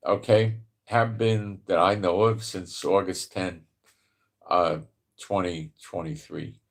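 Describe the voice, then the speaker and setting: Low slow new york guy doing bible prophecy talk, rambly, chuckles a lot, reads verses real deliberate. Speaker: Bible prophecy channel host. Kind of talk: casual commentary with scripture reading. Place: home in Israel.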